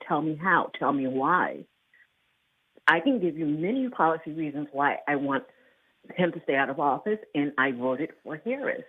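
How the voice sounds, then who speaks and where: A woman from Alabama calling in to a radio show, earnest and halting. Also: sits low, sing-song, husky. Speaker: caller. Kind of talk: call-in radio. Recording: phone line.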